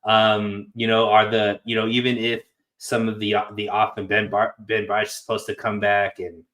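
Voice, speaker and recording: A man with a lowish voice chats casually about football over a video call. He rambles as he thinks aloud, stacking up fillers and restarts. The tone is relaxed and friendly. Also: moderate pace. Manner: loose, rambling, lots of fillers. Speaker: podcast co-host. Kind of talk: casual sports chat.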